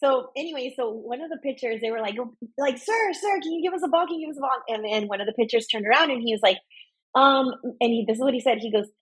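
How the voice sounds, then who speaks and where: A woman's voice: on the high side, fast talker, a bit bright, husky, rough recording. A woman from Eagle Pass, Texas, telling a rambling story in casual chat. She says "like" often and slips into Spanish. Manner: rambling storyteller, heavy use of "like", switches into Spanish. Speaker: podcast co-host.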